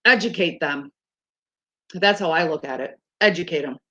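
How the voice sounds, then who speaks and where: A woman's voice: fairly low pitch, moderate pace, pushed and bright, dull audio. A woman talking frankly and casually, swearing freely and laughing often as she tells stories. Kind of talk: casual chat.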